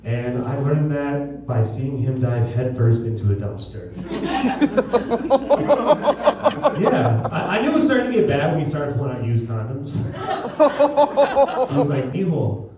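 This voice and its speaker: A man's voice: on the high side, big pitch swings, slow pace, long pauses, a crowd in the background. A young man doing a crude, self-mocking stand-up set on a small theatre stage, filmed from the audience on a phone. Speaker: stand-up comedian. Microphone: phone camera in the audience. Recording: echoey theatre filmed from far off. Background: audience laughter.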